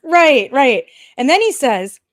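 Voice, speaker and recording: A woman's voice: sits high, very animated, slow pace. A woman co-hosting a casual podcast, reading comments aloud in a mocking voice and laughing often. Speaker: podcast co-host.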